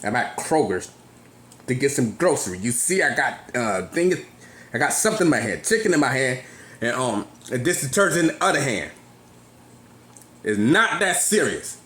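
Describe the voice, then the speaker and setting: A man in his thirties from California, ranting on a phone video with an agitated, rambling delivery that swings from loud to soft. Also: medium pitch, sing-song, normal speed, roomy sound. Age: 30s. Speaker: vlogger. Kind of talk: casual rant to phone camera. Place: grocery store.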